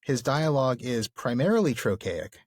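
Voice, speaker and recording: A man's voice: medium pitch, sing-song, moderate pace, no echo, studio quality. A man co-hosting a podcast, explaining literature casually and enthusiastically, with plenty of fillers. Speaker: podcast co-host.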